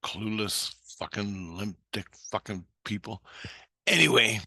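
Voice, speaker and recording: Man, very deep voice, sharp tone, blunt profane storytelling, dry close recording. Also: measured pace, gravelly, slightly rough, dry recording. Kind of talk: casual storytelling.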